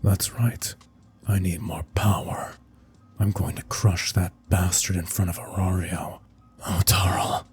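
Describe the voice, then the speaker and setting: A man voicing a vengeful young male adventurer who speaks in a low, seething whisper. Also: steady tone, slow pace, breathy edge, soft background music, exaggerated voice. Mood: cold menace.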